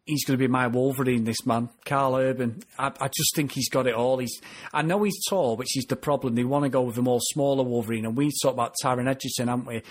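Husky, chatty man. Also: mid-range voice, fast talker. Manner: chatty, laughs often, animated. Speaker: podcast co-host, TV reviewer. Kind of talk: casual review chat.

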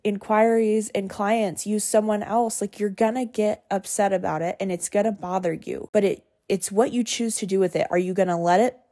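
A woman's voice: mid-range voice, fairly even intonation, normal speed, few pauses, dark tone. A woman in her twenties hosting a solo podcast, speaking in an earnest, heartfelt and frank way with some casual swearing. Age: 20s. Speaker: podcast host. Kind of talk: candid solo podcast talk.

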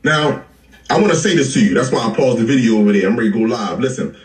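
A man's voice: medium pitch, animated, quick pace, roomy sound, recorded from a distance. A man hosting a livestream, talking with passion, repeating himself and laughing between lines. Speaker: livestream host. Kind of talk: impassioned casual talk.

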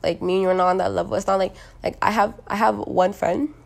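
A young woman rambling through a casual monologue. She is blunt and profane, leans on lots of likes and you-knows, and her voice is hoarse from smoking. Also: medium pitch, steady tone, fast. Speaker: solo monologue recorder.

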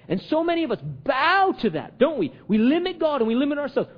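A man preaching a sermon, firing off repeated rhetorical questions and swinging from loud, emphatic lines to hushed ones. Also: very high voice, sing-song, fairly quick, few pauses, lo-fi sound. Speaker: pastor.

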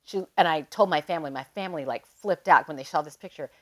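A woman guest on a podcast, telling a personal story in a casual, animated way and leaning often on "like". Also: low voice, fast talker. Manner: animated, emotional storyteller who leans on "like".

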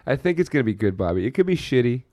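A man co-hosting a podcast in casual chat, excitable and profane. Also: mid-range voice, racing, no echo. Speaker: podcast co-host.

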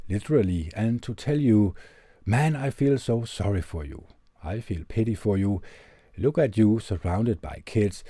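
Earnest man with a very dark, mellow voice. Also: lowish voice, no room sound, studio quality. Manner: earnest, measured, gentle delivery. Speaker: podcast host. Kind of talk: reading a letter aloud, then reflective commentary. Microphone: tube condenser studio mic.

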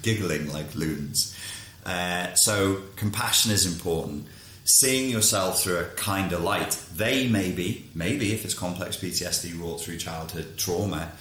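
A man's voice: low voice, fairly bright tone, roomy sound. A man who coaches clients, talking frankly in a casual monologue and swearing freely.

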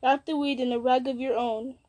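A woman's voice: high voice, steady tone, fairly quick, darkish tone, close to an everyday voice. A woman reading a frank young hobbit.

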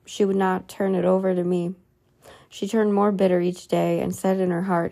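A woman reading a religious book aloud in an earnest tone, adding soft asides of her own. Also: fairly low pitch, flat delivery, moderate pace, creaky.

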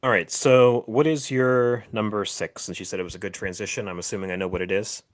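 A man with a fairly low voice co-hosts a podcast in easy conversation. He hesitates constantly, restarting his sentences and chuckling between thoughts. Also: steady tone. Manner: halting, many fillers and restarts, laughs often. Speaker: podcast co-host. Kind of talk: casual chat.

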